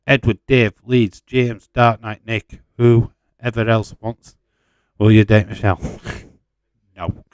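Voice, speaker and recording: Speaking a little slowly in a clean, steady voice on the low side, this man hosts a casual live stream with no echo. Between match updates, he reads chat aloud, teases viewers, and swears freely.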